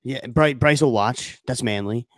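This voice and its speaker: A man's voice: medium pitch, a little slow, fairly bright tone, no room sound, studio quality. A man co-hosting a podcast, riffing in a crude, swaggering, jokey way. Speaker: podcast co-host. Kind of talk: casual crude banter, mock-macho segment.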